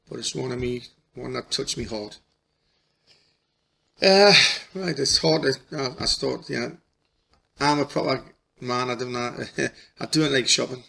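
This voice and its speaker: Gravelly man, halting storyteller. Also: medium pitch, a bit bright. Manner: halting, repeats and restarts, folksy dialect. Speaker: spiritual healer. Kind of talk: emotional personal storytelling.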